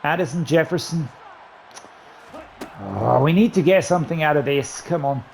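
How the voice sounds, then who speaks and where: A man giving running commentary while playing a football video game, excitedly talking through his play calls to himself. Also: a little high, moderate pace, vocal fry, a little hiss or hum. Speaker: gaming YouTuber. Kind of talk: live gameplay commentary.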